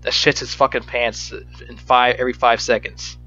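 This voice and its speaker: A man rants through a movie review in a steady mid-range voice, swearing often and tripping over his words as he restarts his sentences. The recording is muffled and lo-fi, with faint music underneath. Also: mid-range voice, normal speed. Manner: profane, exasperated, stammering restarts.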